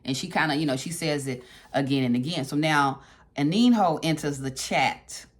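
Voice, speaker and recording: Low-voiced woman leading a book chat. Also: moderate pace. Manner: conversational, repeats phrases for emphasis, asks the audience directly. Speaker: book club discussion leader. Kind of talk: casual book discussion with read-aloud passages.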